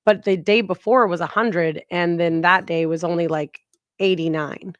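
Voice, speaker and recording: Animated woman telling a story, dry mic. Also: fairly low pitch, normal speed, no echo, highs cut off. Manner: animated storyteller, acts out quoted exchanges. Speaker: podcast co-host. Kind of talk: casual chat.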